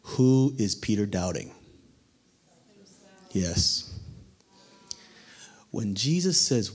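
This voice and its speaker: A man's voice: lowish voice, very animated, extremely slow, long pauses, breathy edge. A man preaching a sermon, asking the listeners questions and acting out the quoted lines. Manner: dramatic, acts out quotes, asks the congregation questions.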